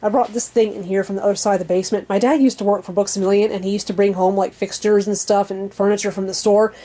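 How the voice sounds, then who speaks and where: A young woman vlogging from her basement bedroom in a rambling, frank, casual chat, full of fillers and soft laughs. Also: mid-range voice, steady tone, fast. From American Midwest or South region. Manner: frank and chatty, laughs softly between thoughts.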